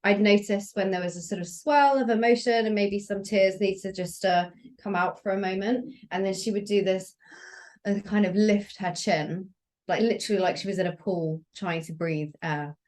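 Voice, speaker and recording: A woman somatic practitioner talking calmly and gently as a podcast guest, explaining body practices. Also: mid-range voice, moderate pace. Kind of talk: relaxed podcast conversation.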